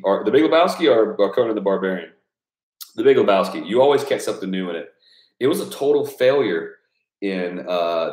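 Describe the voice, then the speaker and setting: A man with a lowish voice chats casually with his supporters. He rambles, swears freely and laughs a lot. The room around him rings with a noticeable echo. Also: darkish tone. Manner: loose, profane and rambling, laughing often. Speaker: YouTube creator thanking patrons. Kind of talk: casual live chat with supporters.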